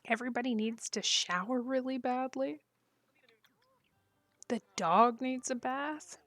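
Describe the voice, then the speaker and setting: A woman's voice: sits high, unhurried, fairly bright tone, no echo. A woman live-streaming a game, chatting casually with her viewers and laughing often between jokes. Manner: giggly, breaks into frequent laughter; chatty, jokey, talks to her chat. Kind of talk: casual live-stream chat while gaming.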